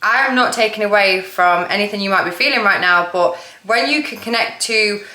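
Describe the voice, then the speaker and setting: Here a female manifestation coach vlogs from her home kitchen as she makes dinner, speaking casually, bluntly, and with the occasional curse. Her pitch is medium and her pace moderate, with a pushed, bright quality and slight background noise. Echo and cooking clatter fill the recording.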